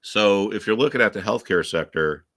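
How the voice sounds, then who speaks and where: A man's voice: fairly low pitch, normal speed, a bit bright. A man hosting a live trading stream, chatting casually and with strong opinions, full of restarts and fillers.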